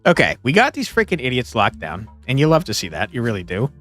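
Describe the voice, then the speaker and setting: A man playing a detective puzzle game and talking through it, excitable, swinging between muttering and yelling. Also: mid-range voice, fast talker, dry recording, faint music behind. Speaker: gaming streamer. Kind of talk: let's play commentary.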